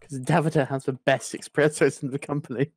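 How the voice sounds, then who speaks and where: A young man telling a funny anecdote in a casual chat, animated and swearing freely. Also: mid-range voice, brisk, slightly rough, dry recording, studio quality. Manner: animated, swearing, laughing through the story. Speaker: podcast storyteller.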